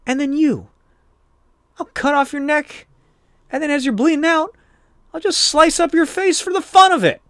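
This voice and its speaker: A man's voice: very high-pitched, moderate pace, pauses often, fairly bright tone, dry recording, studio quality, pitched above the performer's own voice. A man voicing a menacing female assassin who taunts and threatens with gleeful cruelty.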